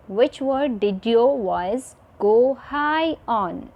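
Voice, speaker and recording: Slow-speaking woman teaching children. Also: high-pitched, animated, a little mellow. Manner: slow, repeats points, checks in with "fine" and "okay". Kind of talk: recorded video lesson for children.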